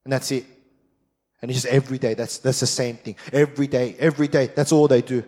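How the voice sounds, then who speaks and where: A man's voice: mid-range voice, fairly even intonation, fast talker, a little mellow. A middle-aged man preaching a sermon as pastor, fired-up and emphatic with repeated phrases. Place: large church hall. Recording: long church hall reverb.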